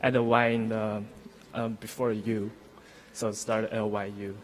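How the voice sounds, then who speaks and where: A man from China, a native Chinese speaker and student, answering in halting, hesitant English. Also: on the low side, level tone. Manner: hesitant, halting, repeating words.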